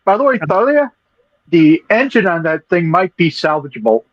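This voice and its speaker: Give me a lively man chatting at a tabletop game, in a dull, dry recording. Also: high voice, normal speed, dry recording. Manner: explaining his character's choices. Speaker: player. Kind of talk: casual tabletop game chat.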